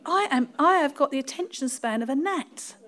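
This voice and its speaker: This preacher, a woman from London's East End, delivers an informal sermon in a Cockney accent at a moderate pace. Her high voice swings widely in pitch as she tells lively stories, laughing often and poking fun at herself between points.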